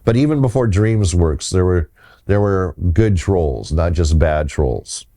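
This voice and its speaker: A man hosting a casual talk on folklore, telling a story in a rambling, halting way with many restarts. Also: sits low, animated, mellow. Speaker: host.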